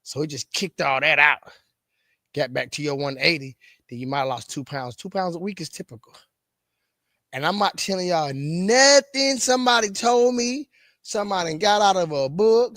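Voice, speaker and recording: A man's voice: on the high side, fairly bright tone, no room sound, clean studio sound. A middle-aged man coaching fitness, talking casually to the camera, often repeating words and restarting lines. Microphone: camera mic.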